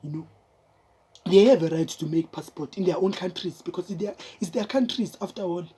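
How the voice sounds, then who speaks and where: A woman's voice: fairly low pitch, fairly quick, warm tone, breathy edge. A young South African woman with a South African accent, talking straight to her viewers in casual, emphatic commentary, repeating herself and calling them guys.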